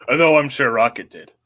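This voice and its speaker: A man's voice: medium pitch, a bit bright. A man co-hosting a comedy podcast, joking around in casual banter and laughing often. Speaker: podcast co-host.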